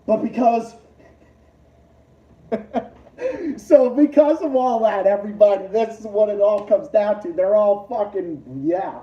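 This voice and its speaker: A man hosting a livestream, ranting casually, profane and combative, jumping between loud outbursts and low mutters. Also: measured pace, long pauses. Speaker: livestream host. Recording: muffled, roomy, distant lo-fi mic.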